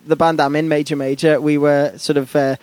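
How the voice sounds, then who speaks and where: A man's voice: fairly high pitch, level tone, a little mellow, no echo. A young man co-hosting a casual, joking radio show in a dry studio. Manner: playful, joking, quick to laugh. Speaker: radio co-host. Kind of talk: casual comedic radio chat. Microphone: studio mic.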